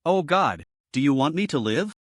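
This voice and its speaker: A man's voice: fairly high pitch, lively intonation, normal speed, no room sound, studio quality. A man voicing Blood Rose, flustered heroine. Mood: astonished. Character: flustered young woman warrior, smitten.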